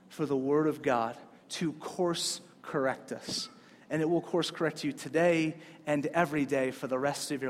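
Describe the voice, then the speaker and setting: A man preaching a sermon in a casual, conversational way, pushing up hard on key points. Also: fairly high pitch. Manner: casual, conversational preaching with rising emphatic peaks. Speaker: pastor. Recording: long hall reverb.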